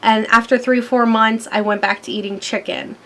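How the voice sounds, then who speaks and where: A woman's voice: on the high side, fairly even intonation, moderate pace, bright, forceful tone. A woman in her thirties talking casually to her camera, telling a story with lots of fillers. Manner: chatty, storytelling, many fillers. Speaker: vlogger. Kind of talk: casual rambling vlog. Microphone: camera mic.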